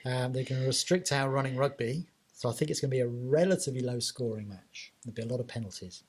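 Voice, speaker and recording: A man's voice: medium pitch, fast talker. A man co-hosting a podcast, chatting casually and jokily, often restarting his sentences. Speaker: podcast co-host. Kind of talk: casual chat.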